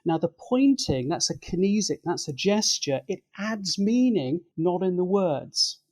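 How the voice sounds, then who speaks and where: Expert male guest, methodical lecturing delivery, slightly raised pitch. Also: lively intonation, a little slow, a little mellow. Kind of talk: explanatory interview talk.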